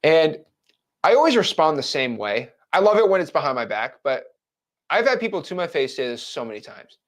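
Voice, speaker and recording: A man's voice: on the high side, big pitch swings, brisk. A man in his twenties giving a blunt, frank motivational talk to camera as a real estate wholesaling coach. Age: 20s.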